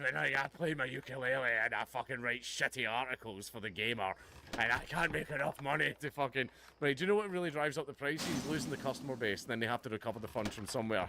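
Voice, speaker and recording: A livestream host delivering a heated, profane, sarcastic reaction rant. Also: male voice, mid-range voice. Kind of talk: ranting reaction commentary. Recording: noticeable background noise.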